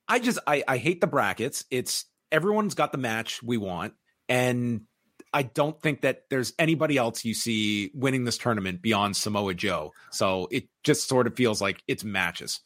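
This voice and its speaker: A man of middle pitch hosts a review podcast, walking through events in an even, matter-of-fact recap. His voice sits close to the mic in a dry, dead room. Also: normal speed, no room sound. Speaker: wrestling podcast host. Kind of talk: match recap and discussion.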